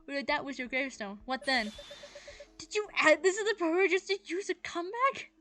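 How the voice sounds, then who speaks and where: A woman's voice: sits high, animated, fairly quick, a bit bright, voice pushed up. A woman voicing a playful, clowning teenage girl in a game, joking her way through a class presentation, with game music behind. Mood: mock serious. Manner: goofy, joking.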